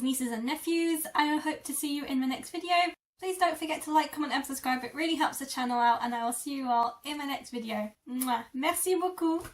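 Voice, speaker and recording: Brief: young woman language teacher, slow careful pace, slightly high voice, a little off-mic. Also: distant mic. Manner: slow, careful repetition of words. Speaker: French teacher. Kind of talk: vocabulary lesson.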